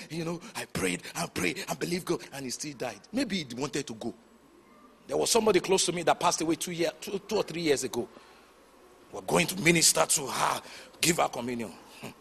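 Male pastor, lively swinging pitch, slightly high voice, light background noise, dramatic storyteller. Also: creaky, husky. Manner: animated storytelling with sudden shouts and hushed asides. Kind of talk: sermon.

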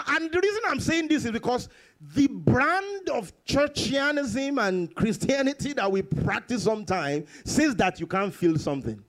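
A man preaching a sermon to his congregation, repeating phrases for emphasis and jumping into sudden high bursts and chuckles. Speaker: pastor.

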